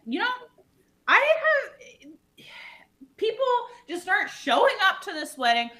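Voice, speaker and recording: A woman's voice: extremely high pitch, sing-song, slow pace, bright, forceful tone, heavily acted. Woman playing a flustered, rambling bride. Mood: exasperated. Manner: rambling, flustered, full of fillers. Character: anxious bride planning an island wedding. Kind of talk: live improv comedy.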